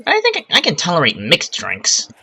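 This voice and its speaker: A gaming channel host rambles through casual let's-play commentary on a park-building game, tossing in exasperated asides. His voice is on the high side with huge pitch swings, a sharp, slightly rough tone, and a moderate pace.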